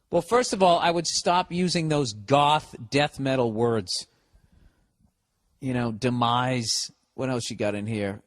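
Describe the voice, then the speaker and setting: A man's voice: mid-range voice, lively intonation, normal speed. A man with a Boston accent hosting a podcast, ranting sarcastically and profanely while reading listener letters aloud. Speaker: podcast host. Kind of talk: casual comedic rant.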